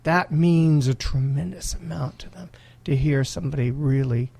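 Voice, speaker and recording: Gravelly, laughing pastor, slightly high. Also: male voice, mellow. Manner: earnest, laughs often, halting restarts. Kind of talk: casual podcast chat.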